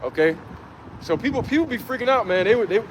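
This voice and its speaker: A man preaching outdoors, talking with emphatic slang and reading scripture verses slowly. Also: high voice, lively intonation. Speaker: street preacher. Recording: heavy wind and traffic noise.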